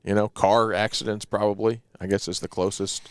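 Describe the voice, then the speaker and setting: A man's voice: lowish voice, level tone, a little fast, smooth, no room sound. A man co-hosting a casual podcast, rambling through his stories with many fillers and jokey asides. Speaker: podcast co-host. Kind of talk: casual chat.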